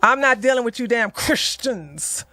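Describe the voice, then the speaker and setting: A woman doing heated livestream commentary, blunt and animated, swearing and mocking as she swings from low muttering to loud outbursts. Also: a little slow, dry recording, faint music behind. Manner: swears and mocks. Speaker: commentary streamer.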